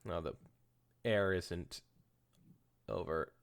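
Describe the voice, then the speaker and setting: A man's voice: low-pitched, drawn-out words, creaky, clean tone. A man hosting a podcast, reading fan fiction aloud with casual joking asides, stumbling and correcting himself as he goes. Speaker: podcast host.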